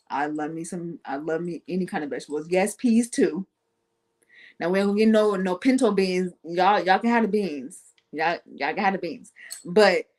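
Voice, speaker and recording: A woman with speech talks in a casual, self-mocking monologue. She's playful and animated, her voice swinging up and down as she tells her stories. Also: on the low side. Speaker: guest on an online talk show.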